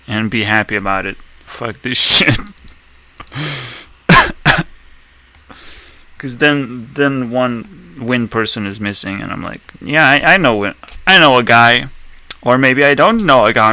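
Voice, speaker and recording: Slow, bright-voiced male commentator. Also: medium pitch, no echo. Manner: rambling, profane, laughs often. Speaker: video commentator. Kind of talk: casual reaction commentary.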